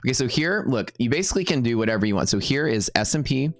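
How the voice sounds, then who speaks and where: A man's voice: medium pitch, lively intonation, no room sound. A man teaching trading live on stream, casual and upbeat, chatting with viewers between explanations. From Texas. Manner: casual and upbeat, full of fillers and quick asides to chat.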